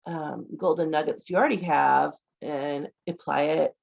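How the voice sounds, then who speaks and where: Woman podcast host, gravelly voice, easygoing and agreeable, muffled remote line. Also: deep voice, fairly even intonation, moderate pace, a little mellow. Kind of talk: conversational podcast interview.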